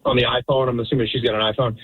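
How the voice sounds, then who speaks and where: A man's voice: mid-range voice, level tone, rapid-fire. A man calling in to a radio show, offering a helpful tip in a hesitant way. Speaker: caller. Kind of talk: casual phone call. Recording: tinny phone line.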